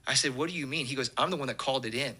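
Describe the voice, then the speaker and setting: A man, a pastor telling an animated testimony story and acting out the quotes. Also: medium pitch, rapid-fire, breathy edge.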